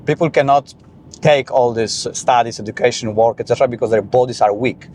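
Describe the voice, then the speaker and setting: Man talking in a car, quick and animated. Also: medium pitch, a little hiss or hum. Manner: animated, frequent restarts and "you know". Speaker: podcast guest. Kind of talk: casual conversation.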